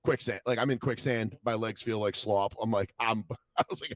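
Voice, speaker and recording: A man's voice: on the low side, fairly quick, dry recording. Rambling, swearing young man telling stories. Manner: rambling storytelling, heavy swearing, animated quoted voices. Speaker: podcast co-host. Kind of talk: casual chat.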